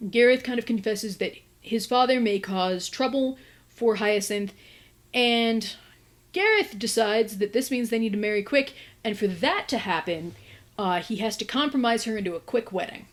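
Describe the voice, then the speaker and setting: A woman's voice: mid-range voice, moderate pace. A woman book reviewer giving a casual, chatty plot recap with exasperated asides.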